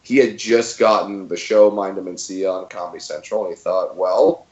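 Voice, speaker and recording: A man's voice: low voice, brisk, echoey room, muffled recording. A man in his thirties, a comedian guest telling stories in a casual interview and acting out quotes in funny voices.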